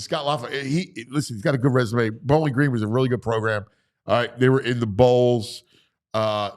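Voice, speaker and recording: A man hosting a casual sports talk show, chatting loosely and laughing often. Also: mid-range voice. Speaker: radio show host.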